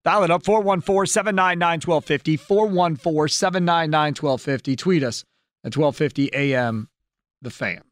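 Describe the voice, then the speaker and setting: A man hosting a sports talk radio show from a studio, talking in an animated, emphatic way and readily agreeing with callers. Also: on the high side, normal speed, no room sound. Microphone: studio microphone.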